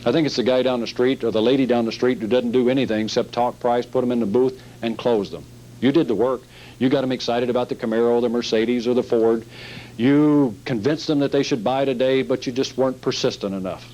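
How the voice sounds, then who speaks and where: A man's voice: mid-range voice, fairly even intonation, a little fast, dark tone, low-quality recording. A man teaching a sales training seminar, emphatic and repetitive, acting out sales scenes as he goes.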